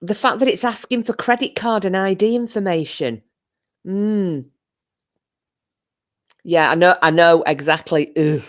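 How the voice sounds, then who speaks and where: Chatty low-voiced British woman. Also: measured pace, pauses often. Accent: British English. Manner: chatty, rambling, many restarts and fillers. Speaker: livestream host. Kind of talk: casual live chat reading viewer comments.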